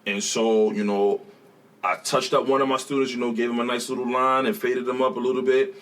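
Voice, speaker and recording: A man, a schoolteacher and guest, telling stories in a casual interview, animated and laughing as he acts out what people said. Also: medium pitch, brisk, recorded from a distance. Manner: animated, laughing storyteller who acts out quotes. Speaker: teacher, guest.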